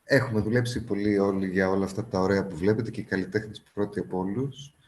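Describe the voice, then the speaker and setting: A man hosting a live stream, making brisk organizing announcements. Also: lowish voice, steady tone, darkish tone, slight background noise. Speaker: event host.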